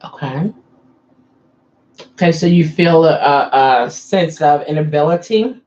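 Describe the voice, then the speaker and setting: A woman's voice: low voice, animated, a little slow, a little mellow, highs cut off. A woman hosting a casual livestream, chatting with viewers and coaxing them to answer her questions. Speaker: livestream host.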